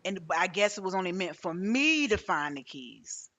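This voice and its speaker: Bright-voiced woman hosting a podcast. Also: on the low side, very animated, normal speed. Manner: hesitant, restarts often, tells personal stories. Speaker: podcast host. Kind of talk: casual conversational interview.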